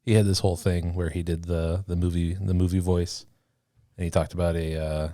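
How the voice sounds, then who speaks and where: A man's voice: flat delivery, brisk, dark tone, no room sound, clean studio sound. A man co-hosting a podcast in casual, jokey banter, laughing often. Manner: jokey, laughs often, puts on a deep movie-trailer voice. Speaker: podcast co-host. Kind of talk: casual chat.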